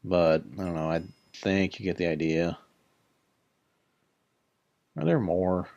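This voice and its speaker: A man with a deep, darkish, slightly worn voice takes his time touring his Minecraft build in casual let's-play commentary, rambling self-deprecatingly and chatting to in-game creatures. The recording is muffled, with no room sound.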